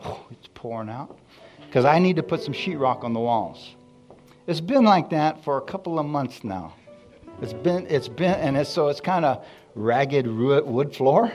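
A man preaches a lively sermon with a voice of middle pitch. Soft instrumental music plays faintly behind him. He punctuates his points with repeated questions to the congregation. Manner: call-and-response preaching with frequent asides; animated, swings between loud emphasis and soft asides. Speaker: pastor.

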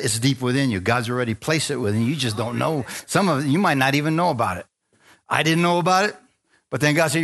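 A man preaching a sermon in a mid-pitched voice, working the congregation with call-and-response. He drops into quiet, confiding asides, then builds to loud, rising exhortation, with a joking, self-deprecating streak. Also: fast, vocal fry. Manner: call-and-response preaching, asks the crowd for amens. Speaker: pastor.

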